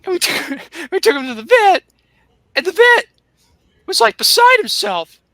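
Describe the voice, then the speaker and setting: A young man doing a high, frantic impression of an excitable man grieving his pet rat, yelling minced oaths. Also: moderate pace, no echo, full character voice. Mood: distraught.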